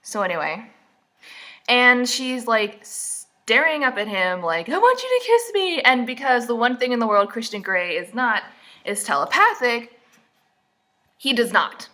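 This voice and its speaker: A woman's voice: on the high side, animated, unhurried, bright, forceful tone. A woman vlogging casual book commentary, sarcastic and mocking, full of "like"s, just woken up. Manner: sarcastic, mocking, chatty with many "like"s.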